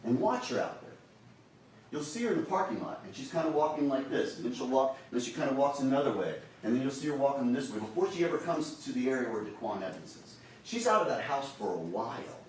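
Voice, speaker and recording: A man presses his case to a jury in an emphatic, urgent tone, his pitch swinging widely as he stresses each point. He sounds set back from the microphone in a very reverberant courtroom. A faint hiss sits under the sound. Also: big pitch swings, fast. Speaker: trial attorney. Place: large courtroom. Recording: very echoey courtroom audio from a distant mic with faint hiss.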